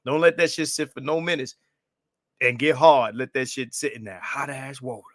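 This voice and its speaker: A man's voice: medium pitch, moderate pace, no room sound, clean studio sound. A man in casual podcast chat who rants emphatically and swears freely. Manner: animated, emphatic ranting, profane.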